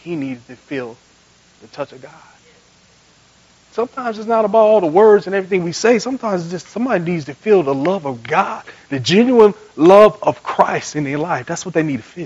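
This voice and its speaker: Male pastor, high voice, animated sermon storyteller shifting loud to soft. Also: dull audio. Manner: swings from loud emphatic to quiet and soft.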